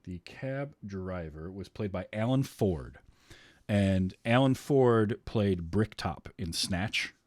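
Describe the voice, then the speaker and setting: A man's voice: deep voice, lively intonation, slow, a little mellow, dry recording, clean studio sound. A man hosting a podcast, chatting casually about a film with friends, laughing often and tossing in sarcastic asides. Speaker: podcast host. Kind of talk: casual chat.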